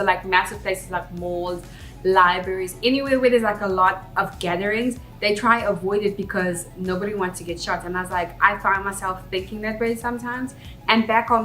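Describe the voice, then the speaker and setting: Candid and reflective, a young South African vlogger chats casually in a fairly bright voice of medium pitch. The clip carries a roomy echo and faint music in the background.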